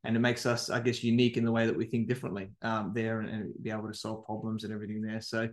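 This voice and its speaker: A man's voice: on the low side, little pitch movement, very fast. A man hosting a business interview, talking in a loose, rambling way with fillers. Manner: rambling, lots of fillers and "mate". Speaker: podcast host. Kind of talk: interview chat.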